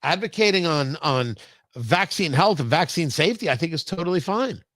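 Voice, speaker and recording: A man's voice: high-pitched, bright, forceful tone, no echo, studio quality. A male talk show host giving opinionated political commentary in an emphatic, sarcastic and digressive way.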